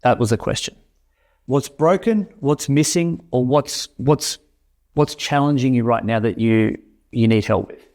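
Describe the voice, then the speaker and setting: Energetic man coaching on sales. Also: mid-range voice, moderate pace. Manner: energetic, repeats and restarts words. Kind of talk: coaching session talk.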